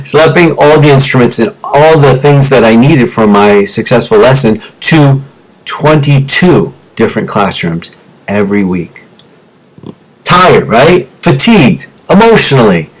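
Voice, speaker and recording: A man in his forties, a former music teacher, giving a motivational talk to teachers over a teleconference. He tells his story with feeling, dropping low and quiet in the painful parts and rising for emphasis. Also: low-quality recording. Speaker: teacher turned business coach. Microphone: teleconference microphone.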